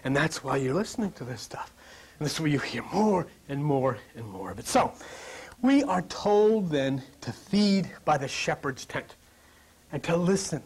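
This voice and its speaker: Male preacher, husky and high, jokey, whispers for emphasis. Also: animated, moderate pace. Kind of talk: lively sermon to a live congregation.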